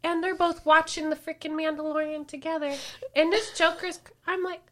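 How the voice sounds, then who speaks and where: A woman's voice: extremely high pitch, level tone, normal speed, sharp tone. A woman in casual chat who laughs often and swears freely while telling stories about her partner. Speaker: podcast co-host's partner.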